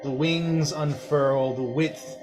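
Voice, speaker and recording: A man narrating a tabletop game as game master, in slow, measured, dramatic narration. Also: on the high side, steady tone, over music.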